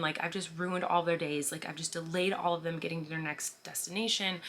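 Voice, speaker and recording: Chatty woman vlogger, bright voice. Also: on the low side, a little hiss or hum. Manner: chatty, fast, full of "like" fillers. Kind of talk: casual storytelling vlog.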